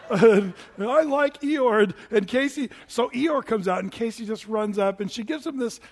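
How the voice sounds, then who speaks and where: Casting: middle-aged male preacher, high-pitched, lively, conversational with frequent restarts. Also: moderate pace. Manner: animated, chatty, many restarts. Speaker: pastor. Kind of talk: sermon with storytelling.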